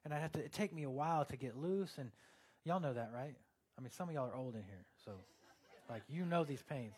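A man's voice: medium pitch, animated, fairly quick, a little mellow, slightly rough. A male pastor preaching a sermon in a conversational way, turning earnest and emphatic, with joking asides to the congregation.

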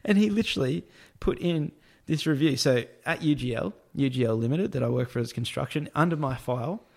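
A man's voice: medium pitch, animated, brisk, vocal fry. A man telling a casual anecdote about work, with crude slang, acted-out quotes and frequent laughs. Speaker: storyteller, construction worker.

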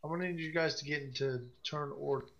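A man narrating a tabletop game as game master, slow and hesitant with many fillers. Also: a little high, steady tone, a bit bright, dull audio, a little hiss or hum.

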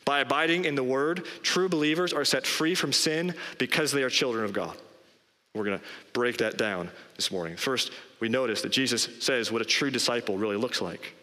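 Bright-voiced man preaching in a reverberant hall. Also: mid-range voice, a little fast. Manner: emphatic, rising on key phrases. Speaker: pastor. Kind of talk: sermon. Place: church sanctuary.

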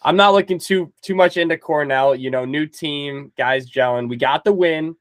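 A man's voice: a little high, normal speed, fairly bright tone, dry recording. A man co-hosting a sports podcast, bantering in an upbeat, reassuring way. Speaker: podcast co-host. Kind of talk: casual sports chat.

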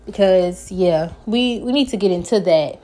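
A woman hosts her own podcast, delivering an earnest, encouraging self-help talk and occasionally stumbling over her words. Her voice is medium-pitched and mellow, at a moderate pace.

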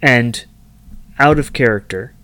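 A man's voice: mid-range voice, slow pace, bright, forceful tone. A man playing a tabletop role-playing game, thinking aloud about his character's choices with many fillers. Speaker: player. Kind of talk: casual tabletop game chat.

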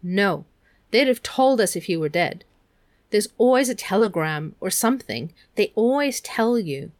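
A woman's voice: medium pitch, expressive, a little slow, dry recording, natural voice. A woman voicing Meg, a teenage girl who is anxious and tearful, speaking shakily. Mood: miserable. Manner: shaky, miserable delivery.

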